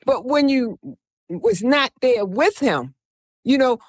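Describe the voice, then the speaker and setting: A woman's voice: a little high, sing-song, slow pace, no echo. A woman hosting a radio show, telling a rambling first-person story, urging her listeners on and acting out the voices of people she quotes. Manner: exhorting listeners, repeating "come on, people". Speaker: radio show host and self-styled prophetess.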